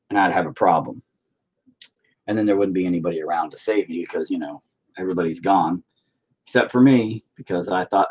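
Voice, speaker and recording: A man's voice: low voice, a little fast, pauses often, slightly rough. A young man chatting casually on a livestream, rambling and swearing freely while he works on a painting at home. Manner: rambling, profane, animated. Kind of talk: casual stream chat. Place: home, indoors.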